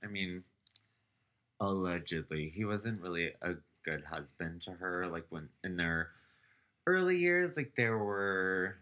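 A man's voice: sits low, expressive, slow, pushed and bright. A man co-hosting a casual podcast, chatting in a gossipy, emphatic way. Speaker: podcast co-host.

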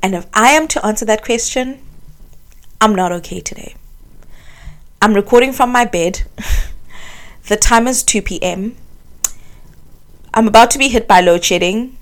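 Slow-talking young South African woman. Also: mid-range voice. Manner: candid and confessional, many fillers like um and like. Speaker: podcast host. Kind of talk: casual solo podcast chat. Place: her bedroom, recording from bed.

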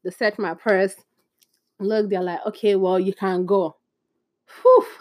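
A woman's voice: medium pitch, unhurried, dry recording. A young woman from Nigeria, a podcast host, telling a story casually and acting out the voices of the people in it. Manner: animated, acts out quoted voices.

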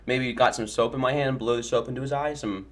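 A man's voice: medium pitch, steady tone, brisk. A young man with a mid-range voice trades stories on a casual podcast. He is laid-back and swears freely, often laughing through his anecdotes. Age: young adult. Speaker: podcast co-host. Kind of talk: casual chat.

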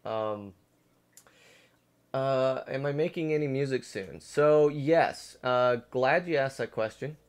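A man's voice: medium pitch, slow pace, smooth. A young man hosting a podcast in casual chat, who swears a lot and gets frustrated easily. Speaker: podcast host.

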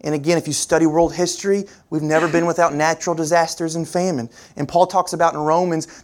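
A preacher delivering a sermon in an earnest, repetitive way, asking the congregation rhetorical questions and pushing key words up and down for emphasis. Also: darkish tone. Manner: pitch and pace swing widely for emphasis.

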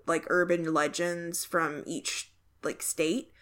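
A woman's voice: low voice, level tone, slow pace, a bit bright. A woman from Texas co-hosting a casual podcast, talking in a chatty way with lots of fillers and playful jokes. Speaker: podcast co-host. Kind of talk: casual chat.

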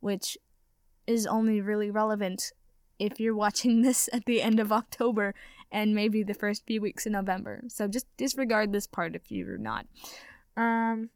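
A woman's voice: mid-range voice, normal speed, darkish tone, clean tone, no room sound. A woman reading fan fiction aloud into a close mic, then chatting informally and gushing to listeners. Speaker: audiobook narrator.

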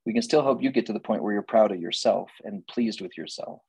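Male relationship counselor, husky, dry close sound, emphatic lecturer who repeats and questions. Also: on the low side, fairly quick, a little mellow, no room sound, rough recording. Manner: emphatic, asks many rhetorical questions; repeats key lines for emphasis. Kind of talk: faith-based relationship lecture.

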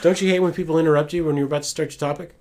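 A man's voice: fairly high pitch, fairly even intonation, rapid-fire, darkish tone. A young man co-hosting a podcast, teasing and bantering with casual profanity. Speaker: podcast co-host. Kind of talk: casual chat.

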